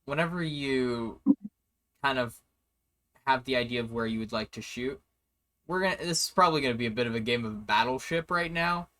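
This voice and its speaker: A man acting as game master for a tabletop game, explaining the rules in an easygoing, halting way. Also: mid-range voice, pushed and bright, dry recording.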